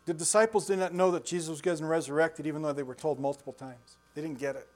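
A man's voice: fairly high pitch, fairly even intonation, fast, a little mellow. A man in his sixties preaching a conversational sermon, telling folksy stories, chuckling often and putting questions to his listeners. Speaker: pastor.

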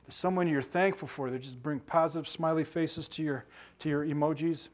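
A man's voice: on the high side, fairly even intonation, a little fast. A middle-aged man, a pastor, teaching a bible study in a conversational, joking way and asking his group questions. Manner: conversational, jokey, asks the audience questions.

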